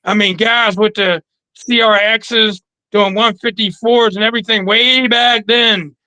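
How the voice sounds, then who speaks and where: A man in a casual interview, telling stories in an animated, slangy way from his trophy room. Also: high voice, measured pace, clear, resonant tone, no echo, poor audio. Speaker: guest.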